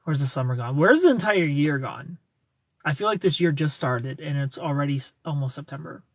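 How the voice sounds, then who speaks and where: A man's voice: fairly high pitch, expressive, fairly quick, no echo. A man hosting a casual livestream, greeting viewers and answering their comments in a playful, teasing, flirty way.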